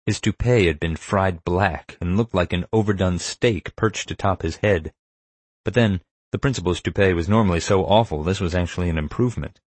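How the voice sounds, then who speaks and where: A man's voice: low-pitched, normal speed, no room sound. A man reading a first-person story aloud as an audiobook narrator, with dry, wry delivery.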